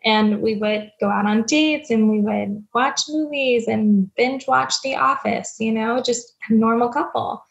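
A woman's voice: fairly high pitch, measured pace, vocal fry, hardly any pauses. A young adult woman speaking as a podcast guest, earnest and reflective, a little self-deprecating about her stepmom experience. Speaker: guest, stepmom platform founder. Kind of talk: candid podcast interview. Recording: dull lo-fi remote audio.

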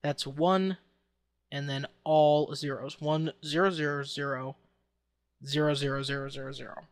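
A man with a voice pitched a little above the usual narrates a software tutorial step by step. He talks in an easygoing way, with a few fillers. The sound is close and dry, with no room around it. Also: a little slow, no room sound. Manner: relaxed step-by-step instruction with occasional fillers. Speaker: tutorial host. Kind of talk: screen-recorded software tutorial.

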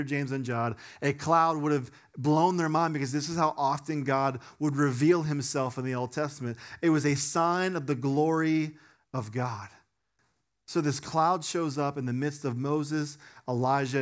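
A young male pastor preaches in a relaxed, conversational way, full of casual fillers. His voice sits fairly high and swings between excited bursts and quiet emphasis. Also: normal speed. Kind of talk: sermon.

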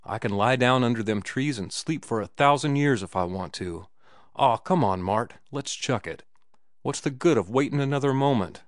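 A man voicing a rough, hard-drinking laundryman who talks in loud, slangy working-class outbursts. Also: mid-range voice, expressive, normal speed, dry recording, clean studio sound, lightly acted. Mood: exultant.

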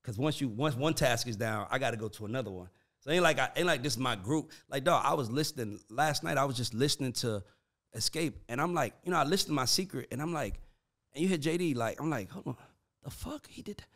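A man's voice: mid-range voice, quick pace. A man hosting a casual chat, talking in a loose, profane and slangy way with lots of "like" and "dog". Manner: animated, profane, slangy storytelling with frequent "like" and "dog". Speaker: podcast host and manager of writers and producers.

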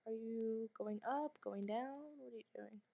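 A woman's voice: fairly high pitch, measured pace, creaky, dull audio. A woman giving let's play commentary while sick and coughing, jumpy and anxious, swearing often and dropping to whispers in tense moments. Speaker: gamer streamer.

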